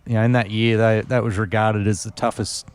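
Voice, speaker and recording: Brief: man, podcast guest, lower voice, rambling casual racing anecdotes full of ums. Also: level tone, brisk, clean tone. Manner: rambling anecdotes with many fillers and restarts. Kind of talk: casual storytelling interview.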